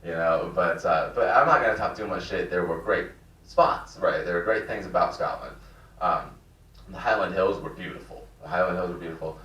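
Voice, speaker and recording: Rambling deep-voiced young comic. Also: male voice, a bit bright, lo-fi sound. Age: 20s. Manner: rambling, self-deprecating, halting restarts. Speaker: stand-up comedian. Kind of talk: stand-up comedy set. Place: small cafe comedy room. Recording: roomy, distant mic.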